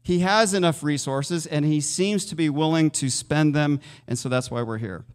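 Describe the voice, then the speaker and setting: A man's voice: on the high side, normal speed, in a large hall. A male pastor preaching a sermon in a conversational way, asking his listeners questions. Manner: conversational, asks the congregation questions. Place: church sanctuary.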